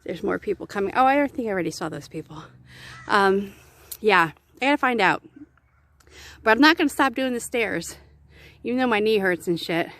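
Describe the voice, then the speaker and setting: A woman's voice: medium pitch, animated, normal speed, pauses often, fairly bright tone. A woman vlogging casually to camera on a woodland trail, talking in a rambling, candid way and swearing now and then. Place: outdoors on woodland trail stairs.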